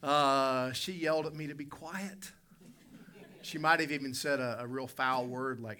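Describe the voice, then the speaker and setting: A male preacher in a church conference hall spins folksy, dramatic stories during his sermon and calls out to those in the congregation. His mid-range voice is sharp in tone, holding a steady tone at normal speed.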